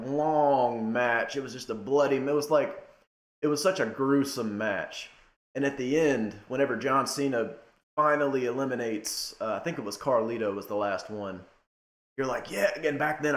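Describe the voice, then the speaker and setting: A young man giving a casual rant to camera, emphatic, swinging between loud outbursts and low muttering. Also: echoey room. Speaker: wrestling commentator.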